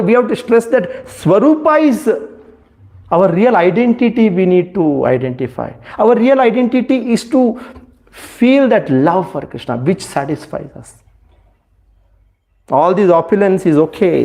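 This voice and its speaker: A man's voice: high-pitched, creaky, warm tone. A man giving a devotional talk, searching for words with many fillers and asking rhetorical questions. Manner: rhetorical questions, rising emphasis. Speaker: spiritual speaker.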